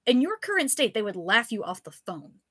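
A woman voicing a stern young woman who scolds crisply and with indignation in a live story reading. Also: on the high side, big pitch swings, normal speed, fairly bright tone, no echo, clean studio sound, heavily acted. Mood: scathing.

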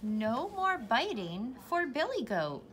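A young woman who teaches preschool reads a picture book aloud to young children. Her voice is bright and sing-song, rising and falling a lot. She speaks slowly and encouragingly. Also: a little high, very animated, a little hiss or hum.

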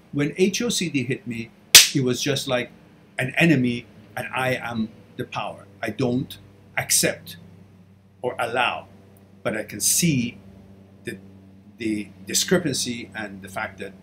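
A man's voice: medium pitch, a bit bright, slight background noise. Earnest man answering questions live. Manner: earnest, emphatic personal storytelling. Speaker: host answering viewer questions. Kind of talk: live Q&A talk.

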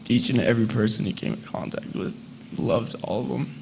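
A man in his twenties speaking as a friend at a memorial service, conversational and halting, with fillers and soft laughs. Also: medium pitch, creaky, a little hiss or hum. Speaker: eulogist, friend of the deceased. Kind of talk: memorial eulogy. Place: memorial service hall, indoors.

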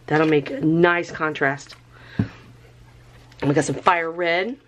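A woman with a lowish voice talks slowly and casually as she works through a tie-dye project at home. She thinks aloud and gets excited, and a faint noise sits under the recording. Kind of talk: casual craft tutorial.

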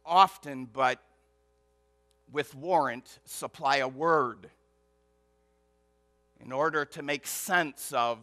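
A male pastor preaches emphatically at a medium pitch, going slowly and pausing often, with no echo. He swings between loud, stressed words and hushed asides, building rhythm through repetition.

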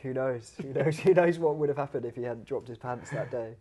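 A podcast co-host chats casually in a warm, medium-pitched voice at a fairly quick pace. He laughs often and uses lots of fillers.

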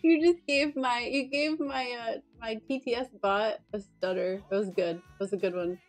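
A woman's voice: fairly high pitch, moderate pace. A young woman streaming live, chatting casually and greeting viewers by name, bubbly and giggly. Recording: with faint music behind.

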